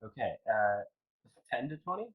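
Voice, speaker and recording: A man's voice: medium pitch, sing-song, normal speed, breathy edge. A man narrating as game master for a tabletop game, hesitant with many ums and uhs. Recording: tinny call audio.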